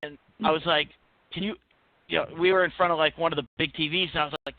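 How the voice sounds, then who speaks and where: A man's voice: on the high side, fast, no echo. Man telling a story over a tinny line. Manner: animated anecdote-telling with many restarts. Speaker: podcast co-host. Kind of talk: casual storytelling chat. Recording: tinny phone-like line, dry.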